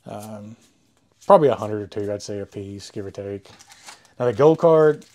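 A man's voice: lowish voice, animated, moderate pace, a little mellow. A man hosting a card box opening, rambling in casual chat, swearing freely and cracking crude jokes into a close mic. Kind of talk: casual chat while unboxing. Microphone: close mic he says he overloads.

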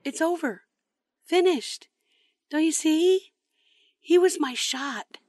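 Actress doing a heartbroken dumped girl, kinda high, dry recording, bitter and ranting. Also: expressive, slow pace, darkish tone, dry recording. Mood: despairing. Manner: bitter, sarcastic, rambling storytelling. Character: heartbroken young woman dumped by her boyfriend. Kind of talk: comedy sketch acting.

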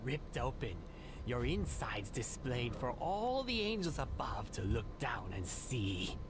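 A woman voicing an ominous stranger in a horror game who foretells death in a low, whispery, menacing voice. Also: big pitch swings, slow pace, background noise, heavily acted.

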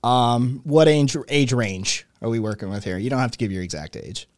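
A man's voice: medium pitch, moderate pace, no echo, studio quality. A man in his late thirties hosting an interview, talking at length in a loose, wordy way with many fillers and restarts. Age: late 30s. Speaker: podcast host. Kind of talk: conversational interview.

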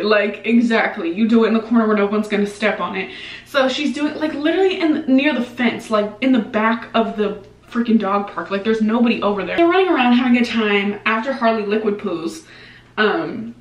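Young woman vlogging, kinda high voice, swears a lot, says like constantly, echoey room, camera a bit far. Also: brisk. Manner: animated, profane, lots of "like" and reenacted dialogue. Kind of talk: casual storytelling vlog. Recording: echoey room, mic at a distance.

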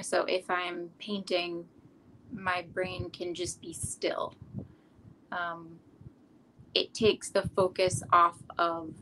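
A middle-aged woman, an artist, chatting casually in an interview, relaxed and rambling with frequent ums. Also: fairly low pitch, a little hiss or hum, poor audio. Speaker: artist guest.

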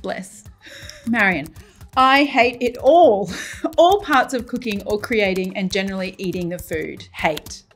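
A woman's voice: medium pitch, unhurried, husky, soft background music. A middle-aged woman hosting a cooking channel, reading comments aloud in a playful, giggly way with frequent laughter.

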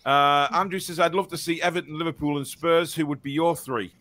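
A man's voice: on the high side, steady tone, fairly quick, bright, forceful tone. A man hosting a casual live fan show, chatty and laughing, reading out viewer comments with plenty of fillers and restarts. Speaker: fan podcast host.

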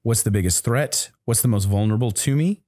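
A man's voice: on the low side, a little fast, dark tone, no echo. A man narrating as game master in a tabletop game, explaining rules and describing scenes with frequent restarts.

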